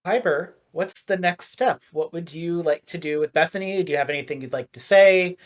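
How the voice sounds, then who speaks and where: A woman's voice: on the low side, moderate pace. A woman narrating as game master of a tabletop role-playing game, chatty and playful, with frequent fillers.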